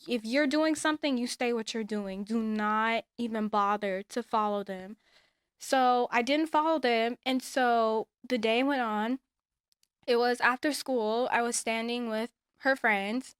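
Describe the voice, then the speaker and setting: A woman with a smooth, resonant voice pitched a little high tells a story in a casual, animated way. She acts out the lines of other people and hands out emphatic advice. The sound is close and dry. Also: no room sound. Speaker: storyteller sharing a personal experience.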